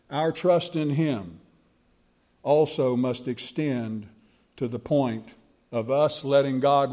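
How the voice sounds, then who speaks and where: A man preaching a sermon and telling a story with slow, emphatic delivery. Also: mid-range voice, warm tone.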